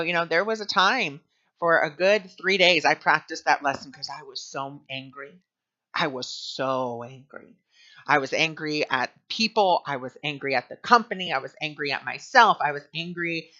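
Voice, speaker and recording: A man's voice: a little high, bright, forceful tone. A man telling a personal story while teaching a spiritual lesson, chatty and full of "you know" fillers. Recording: dull lo-fi recording.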